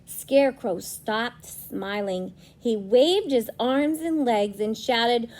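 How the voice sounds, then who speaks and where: Gentle, slow-reading woman teacher. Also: fairly high pitch, animated. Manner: gentle, asking young listeners questions. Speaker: preschool teacher. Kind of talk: storytime read-aloud with explanations to children.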